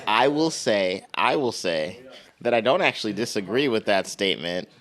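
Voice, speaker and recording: A man's voice: fairly low pitch, expressive, moderate pace, fairly bright tone. A man co-hosting a podcast, joking around and hedging his words in casual chat. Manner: joking, hedging, many restarts. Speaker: podcast co-host.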